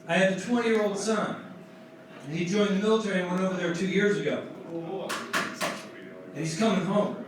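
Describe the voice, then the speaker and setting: A man's voice: high-pitched, brisk, pauses often, far from the mic. A man in his forties from New Jersey doing a profane, self-mocking stand-up set. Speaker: stand-up comedian. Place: comedy club stage. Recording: echoey club room, mic heard from afar with crowd noise.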